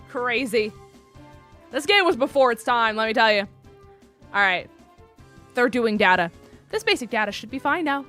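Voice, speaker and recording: A woman's voice: fairly high pitch, measured pace, long pauses, bright, forceful tone, soft background music. A woman streaming a video game, chatting playfully with her chat and reading game dialogue aloud in put-on voices. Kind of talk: casual game commentary.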